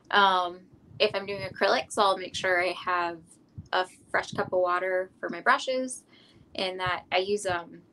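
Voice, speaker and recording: A middle-aged woman, an artist, chatting casually in an interview, relaxed and rambling with frequent ums. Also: fairly low pitch, slight background noise, low-quality recording. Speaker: artist guest.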